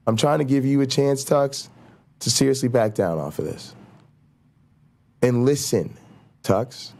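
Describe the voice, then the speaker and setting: A man's voice: lowish voice, darkish tone. A man hosting his own talk show, ranting in a heated, repetitive way, restarting sentences and acting out mock quotes. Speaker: show host.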